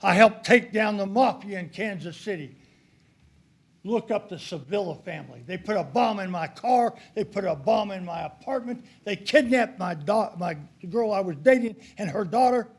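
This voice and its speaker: An older man with a high voice speaks heatedly during public comment at a county meeting, held in the county commissioners' court meeting room. He is animated and talks at a normal speed, his tone accusatory and emphatic.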